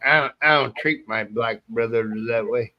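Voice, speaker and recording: A man's voice: mid-range voice, normal speed. A man speaking frankly and emphatically as a guest on a casual talk show. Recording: dull, muffled sound.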